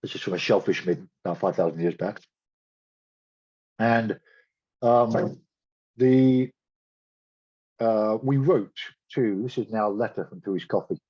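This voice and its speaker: A man's voice: lowish voice, measured pace, pauses often, darkish tone, breathy edge, highs cut off. A man giving a public science talk as a guest speaker, blunt with sardonic asides.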